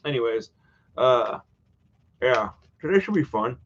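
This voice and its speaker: A man's voice: mid-range voice, moderate pace, muffled recording. A man hosting a horror live stream, chatting casually and wandering off topic from home. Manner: rambling, easily sidetracked, chatty.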